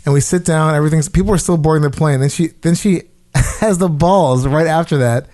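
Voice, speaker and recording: A man hosting a podcast, telling a story in a casual, animated and profane way. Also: a little high, brisk.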